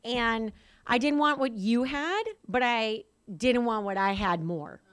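Woman, smooth clear voice, candid storyteller, self-deprecating, chatty and loose. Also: on the high side, slow, a bit bright. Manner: self-mocking, laughs often, heavy use of "like". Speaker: speaker sharing her recovery story.

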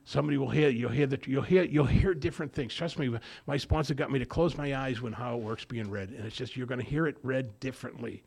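Man, gravelly voice, rambling recovery-meeting share, lots of restarts. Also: medium pitch, fast, hardly any pauses. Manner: rambling, with many repeated restarts; animated storyteller. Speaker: speaker sharing his recovery story at a meeting.

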